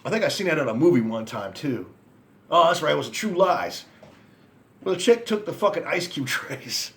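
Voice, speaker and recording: A man's voice: on the high side, very animated, normal speed, fairly bright tone. Profane rambling man telling stories. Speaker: vlogger. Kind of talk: casual storytelling rant.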